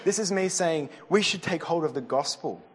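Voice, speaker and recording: A man's voice: fairly high pitch, normal speed, husky. A young man giving a sermon, earnest and conversational, often restarting his sentences. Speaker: preacher. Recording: reverberant hall.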